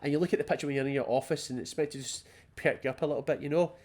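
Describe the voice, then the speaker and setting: A Scottish man commenting on gameplay, chatty and excitable, often reading in-game documents aloud. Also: on the high side, very fast. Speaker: let's play host.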